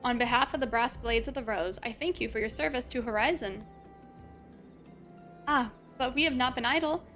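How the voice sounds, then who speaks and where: A flustered male commander from a fantasy game speaks in stiff, old-fashioned phrasing, as a woman reads him aloud, fumbling his excuses with a bright, slightly high voice. Soft music plays underneath. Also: moderate pace, close to an everyday voice. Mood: evasive. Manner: formal old-fashioned speech, hesitant. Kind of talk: reading game dialogue aloud.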